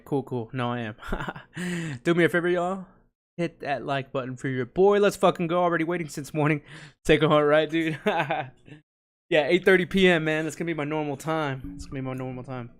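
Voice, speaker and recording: A man's voice: a little high, a bit bright. A young man hosting a casual live stream, hyped and greeting viewers by name. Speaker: livestream host.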